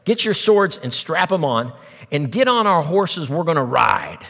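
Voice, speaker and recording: A man voicing a hot-tempered warrior leader giving forceful commands. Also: on the high side, very animated, measured pace, creaky, long reverb tail, full character voice. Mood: commanding.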